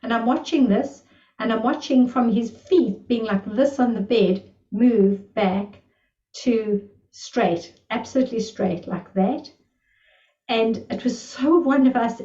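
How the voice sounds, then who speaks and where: A woman shares healing stories in a casual online lesson, her voice mellow and full of wonder. She sits back from the mic, and the sound is roomy and a little dull. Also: fairly high pitch, a little slow. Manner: enthusiastic, marvelling storyteller. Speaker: energy healing teacher. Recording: distant, roomy, slightly dull recording.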